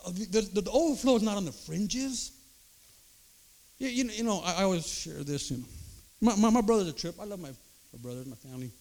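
An older man preaching a sermon, emphatic, checking in with the crowd through quick rhetorical asides. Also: high-pitched, animated, a little mellow. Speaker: pastor.

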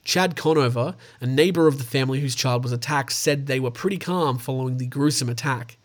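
A man's voice: medium pitch, a little fast. Australian man reading wild animal news. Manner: stumbles over names, swears in asides. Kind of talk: casual news read-through with asides.

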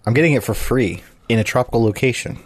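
A man's voice: medium pitch, fast talker, no echo. A man playing in a tabletop game, chatting casually and making dry jokes. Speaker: player. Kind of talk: casual chat.

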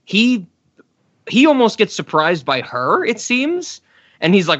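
Dude co-hosting a podcast, voice bounces all over, laughs a lot, kinda muffled audio. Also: male voice, a little high, normal speed. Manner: expressive, laughs often, swears casually. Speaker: podcast co-host. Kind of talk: casual chat.

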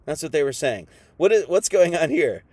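A man's voice: fairly high pitch, sing-song, moderate pace, a little mellow, no room sound. A man preaching an informal sermon, firing off rhetorical questions in a folksy, combative manner.

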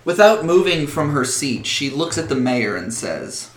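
A man narrating a tabletop game as game master in a relaxed, descriptive way with many fillers. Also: fairly high pitch, a little slow, reverberant, a little hiss or hum.

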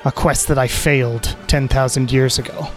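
A man's voice: mid-range voice, steady tone, moderate pace, faint music behind, natural voice. A man voicing a possessed male cleric who talks earnestly and apologetically, at times stammering. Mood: solemn. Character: possessed young male cleric, solemn then flustered.

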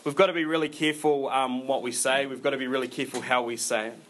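A man preaching a sermon in a relaxed, conversational way, full of fillers and restarts. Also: mid-range voice, fast talker, slight background noise. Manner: informal, rambling delivery with many fillers and restarts.

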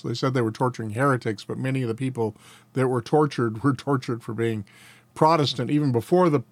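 A man's voice: medium pitch, no room sound. Male Bible teacher reading catechism answers with folksy, chuckling asides; mid-range voice, dry recording. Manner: reads answers, then adds folksy chuckling commentary. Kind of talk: catechism lesson with casual asides.

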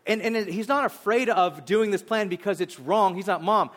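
A male pastor preaching a sermon, retelling a story in an animated, conversational way. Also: sits high, moderate pace. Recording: long hall reverb.

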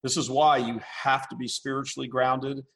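Guy on a podcast, kinda husky, blunt, keeps repeating himself. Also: medium pitch, level tone, moderate pace. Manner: blunt, forceful, rambling with repeats. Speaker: podcast guest. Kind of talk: casual interview.

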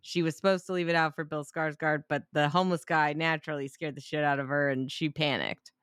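A woman in casual podcast chat with a fairly low voice, talking in a lively, profane way and slipping into the characters' lines as she recaps. The sound is close and dry. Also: brisk, no echo. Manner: animated, profane, acts out characters while recapping. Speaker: podcast co-host.

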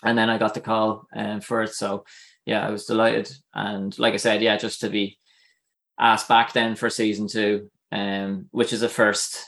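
A man's voice: lowish voice, level tone, unhurried, vocal fry, fairly bright tone. An Irish man, an actor, chatting as a guest in an interview, full of fillers and easy laughter. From Ireland. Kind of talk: casual interview chat.

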